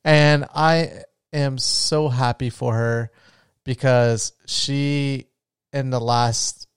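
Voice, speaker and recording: A young adult man with a mid-range, clean-toned voice hosts his own podcast, chatting casually and gushing with loose restarts. It's casual solo podcast talk, recorded at studio quality with no room sound.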